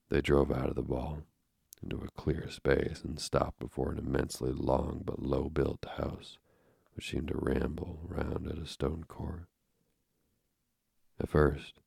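A man narrating an audiobook in a measured, steady reading with a gravelly voice. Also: rumbling low, dry recording, studio quality.

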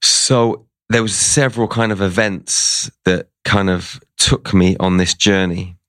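A man's voice: low-pitched, fairly even intonation, a little slow, fairly bright tone, no echo. A man, a guest in an interview, telling a personal story in a casual way and quoting what people said to him.

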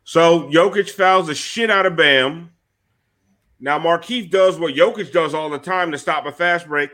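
Podcast host, male, high and sharp, profane furious sports rant. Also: lively intonation, unhurried. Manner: furious, cursing, shouting at referees and fans.

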